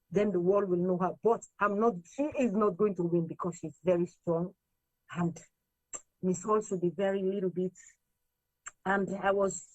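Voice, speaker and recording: A woman from Sierra Leone with a Sierra Leonean accent, mixing in Krio, telling her story as an interview guest in a lively way, acting out what others said. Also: medium pitch, no echo, lo-fi sound. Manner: lively, quotes others in raised voices, slips between English and Krio.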